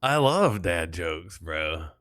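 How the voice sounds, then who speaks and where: A man's voice: low voice, big pitch swings, slow, fairly bright tone, no echo, studio quality. A young man chatting casually on a live stream, joking, laughing and thanking viewers while setting up a flight.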